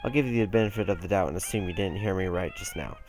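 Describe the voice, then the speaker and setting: A man's voice: low voice, wildly swooping pitch, fast talker, a little mellow, faint music behind. A man reading a curt cold gunman.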